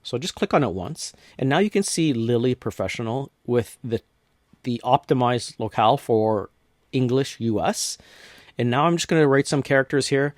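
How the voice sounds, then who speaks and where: A man from North America casually walking through a software tutorial step by step, with frequent restarts. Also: medium pitch, lively intonation, moderate pace, dry recording, studio quality. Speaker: tutorial host. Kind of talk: screen-recorded software tutorial.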